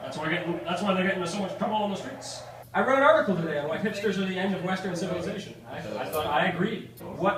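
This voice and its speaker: A man's voice: sits high, lively intonation, very fast, a crowd in the background. A man joking sardonically in casual chat with friends. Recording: roomy, distant, noisy.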